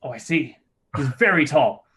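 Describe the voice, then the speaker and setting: A man's voice: a little high, expressive, moderate pace, fairly bright tone. A man voicing a tiny male forest gnome who talks in a fussy, haughty way. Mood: polite.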